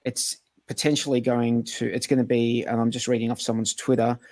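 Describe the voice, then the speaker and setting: A man's voice: mid-range voice, level tone, a little fast, darkish tone, dry recording. A man with an Australian accent in casual podcast chat, hesitant with many fillers. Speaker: podcast co-host.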